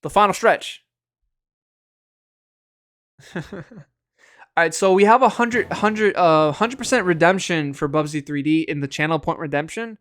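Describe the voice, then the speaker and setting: A man's voice: fairly high pitch, moderate pace, a bit bright. A man streaming a video game, chatting casually, rambling and swearing at the game, with chuckles. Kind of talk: casual live-stream chat.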